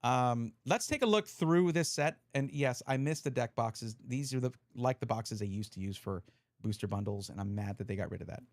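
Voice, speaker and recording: A man's voice: medium pitch, moderate pace, a little mellow, no echo, studio quality. A man hiccuping as he chats casually on a live stream, explaining card rules while he sorts a deck. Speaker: streamer reviewing trading cards.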